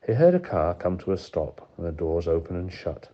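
A man reading an audiobook in steady, measured narration. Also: low-pitched. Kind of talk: scripted narration. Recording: dull lo-fi recording.

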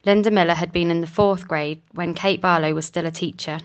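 A woman narrating a novel chapter in a steady, measured reading. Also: fairly low pitch. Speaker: audiobook narrator. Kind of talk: scripted narration.

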